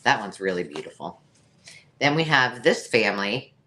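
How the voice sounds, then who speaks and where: A woman's voice: rumbling low, big pitch swings, moderate pace, fairly bright tone, slight background noise. A woman hosting a live online sale, chatty and jokey, laughing at her own remarks. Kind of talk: live-stream sales chat.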